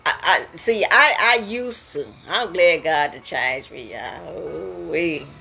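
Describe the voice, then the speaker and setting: A woman hosting a casual talk about emotions, preachy and quick to laugh. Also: lowish voice, animated, gravelly, bright, forceful tone, faint music behind. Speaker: host.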